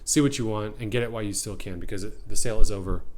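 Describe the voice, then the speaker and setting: A man's voice: lowish voice, racing, darkish tone. A man teaching acting tips straight to the camera, emphatic and direct with the viewer. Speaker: acting coach.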